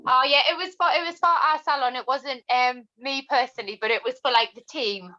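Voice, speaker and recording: Woman, high bright voice, frank lively storyteller. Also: fairly quick, lo-fi sound. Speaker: podcast guest. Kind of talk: casual chat.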